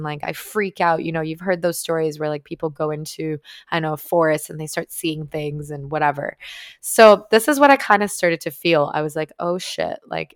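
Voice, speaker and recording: Chatty woman with a lowish voice. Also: no room sound, studio quality. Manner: chatty, heavy use of "like", frequent swearing. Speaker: vlogger. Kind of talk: casual storytelling to viewers.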